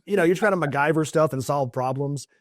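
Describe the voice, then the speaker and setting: A man's voice: fairly high pitch, fast, dry recording, studio quality. Man hosting a business podcast. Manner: reflective, affirming, builds on the guest's story. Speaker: podcast host. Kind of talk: casual interview chat.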